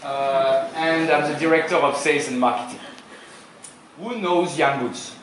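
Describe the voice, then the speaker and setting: A man's voice: on the high side, unhurried, fairly bright tone, distant mic, slight background noise. A man in his forties with a French accent, giving an informal, joking sales seminar talk in a hotel conference room. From France. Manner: informal, joking, quizzes the audience. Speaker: seminar speaker. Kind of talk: conference presentation. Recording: very echoey room, voice from afar.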